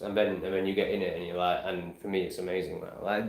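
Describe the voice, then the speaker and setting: A man's voice: deep voice, level tone, fast, gravelly, reverberant. A man in his forties chatting casually to camera, rambling and swearing freely as he restarts his sentences. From England. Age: 40s. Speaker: vlogger.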